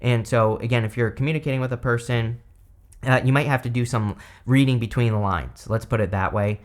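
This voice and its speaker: A man's voice: mid-range voice, fairly quick. Rambling man giving a tarot reading. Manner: chatty, rambling, many fillers. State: hiccups. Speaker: tarot reader.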